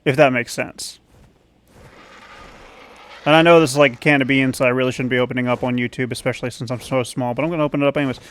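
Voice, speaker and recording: A man talks through his game in a loose, rambling way, doubling back and second-guessing himself as he goes. His voice sits at an ordinary middle pitch, and the chat feels casual and unpolished. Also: steady tone, quick pace, pauses often, clean tone. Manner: rambling, self-conscious, chatty. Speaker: YouTuber. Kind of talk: casual gaming commentary.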